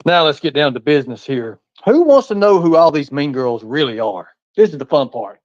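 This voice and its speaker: A man's voice: a little high, sing-song, a little fast, dry recording, highs cut off. A man hosting a live stream, talking in a boastful, menacing way and swearing freely. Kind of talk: heated live stream talk.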